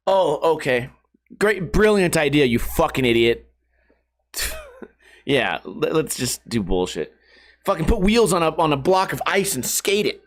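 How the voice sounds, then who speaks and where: A man's voice: high voice, big pitch swings, normal speed, a bit bright. A young adult man ranting on a casual podcast, profane and exasperated, putting on mocking voices when he quotes people. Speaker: skateboarding YouTuber.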